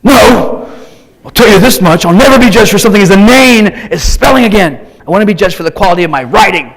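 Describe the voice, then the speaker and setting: A man's voice: sits high, expressive, fast, a bit bright, heavily acted, poor audio. A man voices an indignant teenage boy who pushes back at his father. The voice is raised, insistent and emphatic, and every line is a protest. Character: indignant teenage son arguing with his dad.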